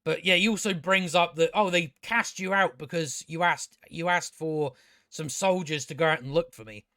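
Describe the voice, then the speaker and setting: A man's voice: a little high, moderate pace, bright, forceful tone, no room sound, clean studio sound. A man ranting sarcastically as he reviews a show, swearing a lot and mocking the characters. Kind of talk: casual profane rant.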